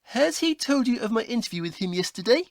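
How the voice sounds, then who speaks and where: A woman's voice: a little high, sing-song, quick pace, dry recording, studio quality. A woman voicing a prim, haughty male detective in a comedy audio play, with a formal, fussy, scolding manner.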